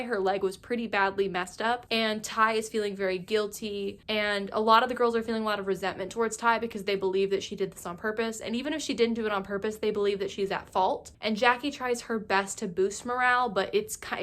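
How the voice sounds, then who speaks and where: A woman's voice: medium pitch, fairly even intonation, fairly quick, hardly any pauses, a bit bright. A woman narrating a casual TV recap, chatty and full of fillers, acting out the characters' lines in a loose, conversational voice. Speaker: recap YouTuber.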